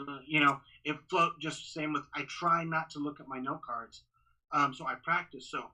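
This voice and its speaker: Bright-voiced man, halting podcast talk. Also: a little high, rough recording. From Texas. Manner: halting, many restarts and fillers. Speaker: ring announcer, guest. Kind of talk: casual interview talk.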